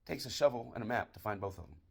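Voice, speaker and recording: A man's voice: lowish voice, quick pace, creaky, husky. Een Amerikaanse man vertelt grove, schunnige moppen in een komisch verhaal vol gevloek, met een droge, nuchtere toon. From United States. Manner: profane, deadpan delivery of dirty jokes. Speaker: barroom joke teller. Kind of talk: crude comedic storytelling monologue.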